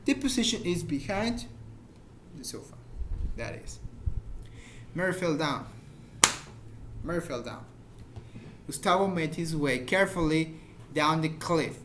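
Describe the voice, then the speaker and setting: Man, high voice, informal English teacher, patient repeated examples, slight hiss. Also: lively intonation. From Mexico. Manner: explains slowly with repeated examples, searches for words. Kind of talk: informal grammar lesson.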